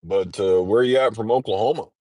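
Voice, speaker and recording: A man's voice: lowish voice, brisk, darkish tone, no room sound. Congested man rambling on a livestream. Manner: rambling, frequent throat-clearing and filler words. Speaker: livestreamer in trucker training. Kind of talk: casual morning livestream chat.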